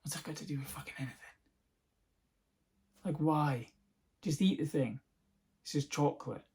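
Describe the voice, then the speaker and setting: A man's voice: a little high, moderate pace, a little mellow. A man hosting a podcast, rambling through a casual comic monologue, sarcastic and swearing freely. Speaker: podcast host.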